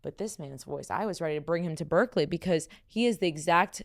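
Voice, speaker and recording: A young woman hosting her own podcast in casual, chatty talk. Her voice sits a bit deep, with some vocal fry, and she runs on with fillers and asides. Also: fast talker. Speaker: podcast host. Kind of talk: casual chat.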